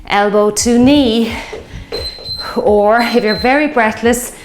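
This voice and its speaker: A woman's voice: fairly high pitch, slow pace, a little hiss or hum. A woman, leading a fitness class with encouraging, upbeat cues and getting a little out of breath. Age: 50s. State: out of breath at times. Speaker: fitness instructor. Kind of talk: workout class instruction. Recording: echoey room with workout music.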